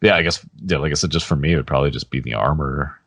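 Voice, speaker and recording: A man with a strikingly deep, low voice talks casually as a podcast co-host. He rambles in a relaxed way, laughing easily, and the sound is dry and close to the mic. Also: racing, vocal fry, breathy edge, no room sound. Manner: relaxed, laughs often, trails off. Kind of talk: casual chat.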